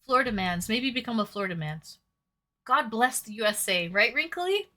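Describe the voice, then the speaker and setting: Chatty woman streamer from canada, bright high-ish voice, swears a lot reading chat. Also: animated, moderate pace. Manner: chatty, swears freely, reads out viewer messages. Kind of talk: casual chat.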